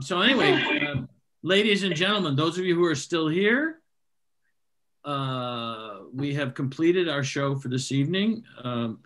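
A man's voice: on the high side, fairly bright tone, rough recording. A man hosting a small comedy night, wrapping up with wry, self-deprecating jokes to a live audience. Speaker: comedy show host. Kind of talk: joking stage banter.

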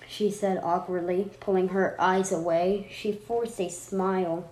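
Slow woman reading a horror story. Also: fairly low pitch, fairly even intonation, a little mellow. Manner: unpolished, stops to correct herself. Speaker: story reader. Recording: roomy echo, faint noise.

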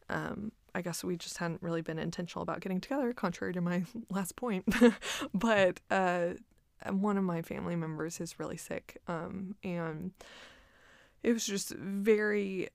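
A woman's voice: lowish voice, vocal fry, no echo, clean studio sound. A young woman talking casually about her month, with many fillers and frequent laughter. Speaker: vlogger. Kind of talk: casual personal reflection. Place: home in Austin.

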